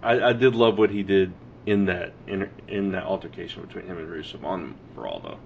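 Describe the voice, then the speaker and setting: Low-voiced laid-back Texan podcast co-host. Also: male voice, fairly quick, vocal fry, dull audio, a little hiss or hum. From Texas. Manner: relaxed, laughs easily, hedging restarts. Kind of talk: casual wrestling chat.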